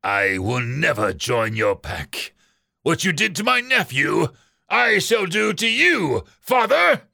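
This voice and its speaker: A man's voice: fairly high pitch, big pitch swings, unhurried, creaky, pushed and bright, breathy edge, no room sound, pitched above the performer's own voice, heavily acted. A man voicing a resolute young male fox warrior who vows revenge, read in a storybook. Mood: defiant. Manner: firm, defiant declarations.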